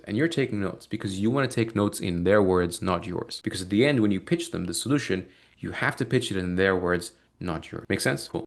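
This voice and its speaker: Brief: male sales coach on a video call, brisk, rapid-fire delivery, low voice, plays both sides of sales calls. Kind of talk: live sales training call.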